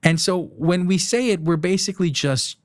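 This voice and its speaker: A man's voice: sits high, moderate pace, no echo, studio quality. A man in his thirties from the United Arab Emirates, hosting a podcast in a rambling, chuckling, self-correcting way. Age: 30s. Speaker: podcast host. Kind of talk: casual solo podcast chat.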